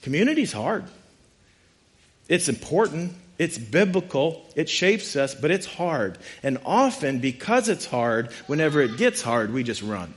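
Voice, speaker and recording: A man preaching a sermon in a conversational, animated way, with frequent asides. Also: a little high, moderate pace. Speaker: pastor.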